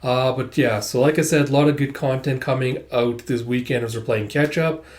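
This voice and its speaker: Guy on his channel going through a comic, mid pitch, lots of uhs, super casual. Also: fairly even intonation, moderate pace. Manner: rambling, with many "uh" fillers. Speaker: YouTuber reading a manga. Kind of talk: casual reaction commentary.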